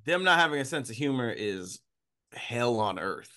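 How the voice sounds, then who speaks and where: Bright, forceful man, animated panelist, jokey. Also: mid-range voice, normal speed. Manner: animated, joking, asks pointed questions. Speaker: podcast panelist. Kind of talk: casual podcast chat.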